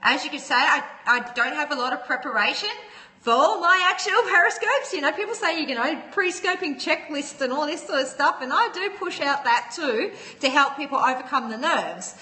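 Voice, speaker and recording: A woman's voice: high-pitched, lively intonation, moderate pace, sharp tone, in a large hall. A woman hosting a casual livestream, chatting with viewers, greeting them by name and laughing often. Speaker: livestream host. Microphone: phone.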